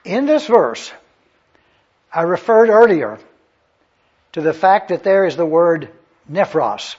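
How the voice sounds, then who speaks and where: Emphatic male preacher, high-pitched and husky; lo-fi sermon tape. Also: very animated, slow pace, darkish tone. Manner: emphatic, repeats key phrases, asks the audience if they follow. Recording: dull lo-fi sermon recording.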